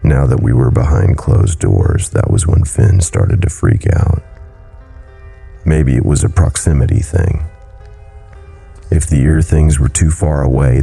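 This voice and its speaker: Man, horror story narration, gravelly, husky, brooding. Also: rumbling low, warm tone.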